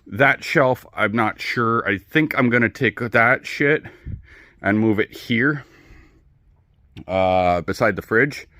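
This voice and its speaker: A man chatting casually in his home garage, rambling, swearing freely and filling pauses with ums. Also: medium pitch, dry recording, studio quality. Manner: rambling, profane, relaxed, many ums. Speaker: hobby video creator.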